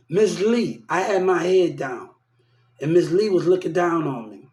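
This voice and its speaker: A man's voice: sits high, measured pace. A man ranting heatedly about his mistreatment, repeating himself and quoting what others told him. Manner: repetitive, aggrieved, quoting others. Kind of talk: heated personal rant. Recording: echoey room.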